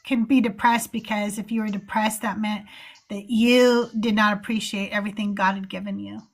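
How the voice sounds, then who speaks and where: A woman's voice: mid-range voice, normal speed. A woman hosting a call-in stream, talking casually and ranting heatedly with plenty of swearing. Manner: heated, profane, animated rants. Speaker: host of a call-in show. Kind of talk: casual livestream chat.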